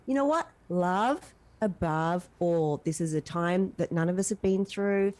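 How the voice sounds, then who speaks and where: A woman's voice: mid-range voice, lively intonation, a little fast, darkish tone. A woman chatting as a guest, earnest and heartfelt, rambling with restarts. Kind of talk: casual chat.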